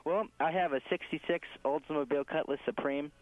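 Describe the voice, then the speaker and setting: A man's voice: on the high side, fairly even intonation, a little fast, no echo. Man from Mexico, radio caller; easygoing rambler, phone-line sound. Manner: laid-back, chuckling, rambling. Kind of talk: phone-in conversation.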